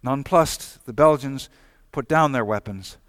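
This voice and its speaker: A man giving measured, scripted narration of a historical documentary. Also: mid-range voice, fairly bright tone, dry recording, clean studio sound. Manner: measured, storytelling delivery.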